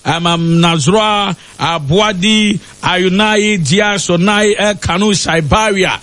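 Man, radio pundit, high-pitched, hesitant, filler-heavy. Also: a bit bright. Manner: halting, many fillers. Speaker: match analyst. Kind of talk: sports radio analysis.

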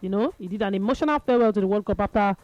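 A woman with a Nigerian accent hosting a radio chat show, telling stories in a lively, playful way. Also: medium pitch, racing, dry recording, highs cut off. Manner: lively, laughing, playful storytelling. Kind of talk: casual chat in Nigerian Pidgin and English.

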